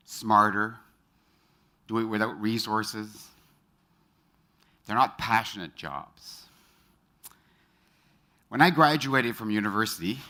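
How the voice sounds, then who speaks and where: A middle-aged man speaks from a stage to a live audience, his low voice carrying a bright, forceful edge. He tells personal stories and throws quick questions out to the crowd. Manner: engages the audience with quick show-of-hands questions; storytelling, personal anecdotes. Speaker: speaker at a motivational talk. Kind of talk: motivational stage talk.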